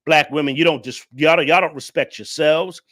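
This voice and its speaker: A man's voice: a little high, fairly quick, a bit bright. A man hosting a reaction commentary, lecturing viewers and repeating his points in a preachy way. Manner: addresses the audience directly. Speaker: commentary host.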